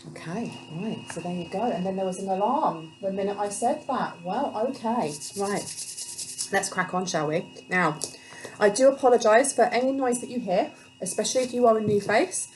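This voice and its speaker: A woman's voice: medium pitch, moderate pace, a little mellow, a little hiss or hum, rough recording. Chatty woman giving a tarot reading. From Britain. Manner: chatty and rambling, reports channeled messages, many ums and restarts. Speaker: tarot reader. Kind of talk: casual spiritual reading to camera. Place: home room with windows open by a busy road.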